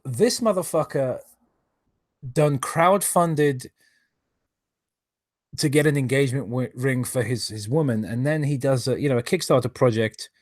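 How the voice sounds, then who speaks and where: A man hosting a live reading stream, sarcastic and fed up, his commentary laced with swearing. His voice sits at an ordinary middle pitch and sounds dry and close, with no room around it. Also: a little fast, few pauses, a little mellow, no room sound. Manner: thanks viewers for donations between remarks.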